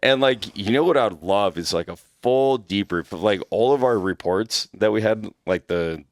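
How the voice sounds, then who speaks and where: A man, a former executive protection agent, telling stories in a casual podcast chat, animated, laughing and swearing freely. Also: on the low side, moderate pace, no room sound.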